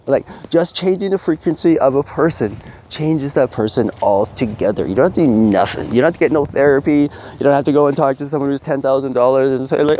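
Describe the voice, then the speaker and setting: A man's voice: medium pitch, lively intonation, fast. A man giving spiritual advice in a casual, rambling monologue, swearing and acting out quoted people. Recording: dull lo-fi audio with faint hiss.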